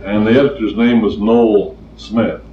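An older man with a lowish voice preaches plainly, weaving stories and repeating his points emphatically. He sounds far from the mic in a roomy space, on a dull, lo-fi recording with slight background noise.

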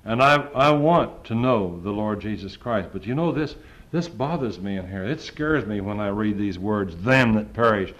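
A man preaching a sermon, moving from hushed, quiet passages to loud, rising pleas. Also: on the low side, normal speed, rough recording. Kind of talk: impassioned sermon.

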